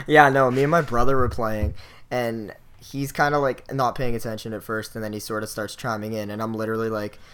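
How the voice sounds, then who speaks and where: A man's voice: medium pitch, moderate pace, a bit bright, clean tone. A young man hosting a podcast, telling a story in a loose, profane way and leaning hard on filler words. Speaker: podcast host. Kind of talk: casual chat.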